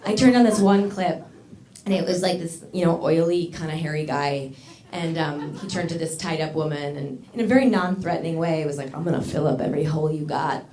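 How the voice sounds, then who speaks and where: A young woman doing stand-up comedy on a club stage. She tells candid, self-mocking stories and laughs through her own punchlines. Her voice rings in a roomy club, with an audience clearly heard behind her. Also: low-pitched, normal speed, crowd noise.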